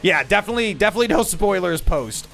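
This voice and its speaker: A man's voice: high voice, expressive, fast, creaky, fairly bright tone. A man streaming a game, chatting casually with viewers in playful, teasing, mock-insulting banter, with music playing behind him.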